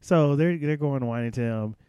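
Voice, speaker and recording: A man's voice: mid-range voice, normal speed, mellow, clean tone, no room sound, dull audio. A man who is a former Army drill instructor, telling stories bluntly and profanely in a casual interview.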